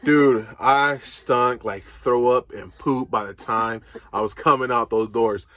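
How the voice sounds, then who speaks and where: A young man spins a story, animated and quick to laugh, dropping casual swears. His voice sits close and dry, with no room sound, and his pitch stays mid-range for a man. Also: dry recording. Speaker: co-host.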